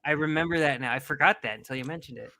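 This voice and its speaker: A man's voice: a little high, rapid-fire, sharp tone, no room sound. A man co-hosting a casual podcast chat, telling stories and laughing often. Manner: laughs often, tells stories with quoted asides. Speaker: podcast co-host.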